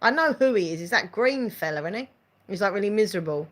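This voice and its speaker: A woman's voice: medium pitch, lively intonation, quick pace, a bit bright. Woman chatting on a live stream, giggly, voice bouncing all over the place. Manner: giggly, chatty, reads out viewer comments. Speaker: channel host chatting with live viewers. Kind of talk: casual live-stream chat.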